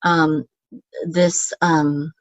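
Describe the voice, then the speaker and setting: A woman with a fairly low voice walks through grammar patiently, pausing on ums and checking understanding after each point. The sound is dry and close, with no room around it. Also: flat delivery, no echo, poor audio. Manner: patient, many "okay?" checks and filler ums. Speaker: Hebrew teacher. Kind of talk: explaining grammar step by step.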